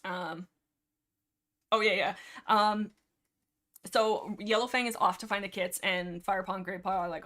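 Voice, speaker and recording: A woman's voice: medium pitch, normal speed, fairly bright tone. Young woman, chatty livestream host, giggly, rambling, playful dramatic line reads. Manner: chatty, giggly, acts out dialogue with exaggerated drama. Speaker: livestream host discussing a book series. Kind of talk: casual rambling book chat.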